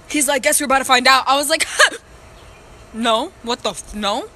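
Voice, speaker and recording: A woman's voice: high voice, normal speed, pauses often, bright, forceful tone. A woman telling a family story in a slangy, sarcastic and mocking way. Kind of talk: casual storytime.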